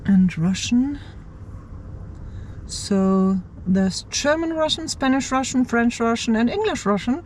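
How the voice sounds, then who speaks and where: Slow, mellow woman muttering to herself. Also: fairly high pitch, animated, a little hiss or hum. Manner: muttering to herself, hesitant, repeats words. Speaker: vlogger. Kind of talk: thinking aloud while working on a computer. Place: inside her car, in the driver's seat.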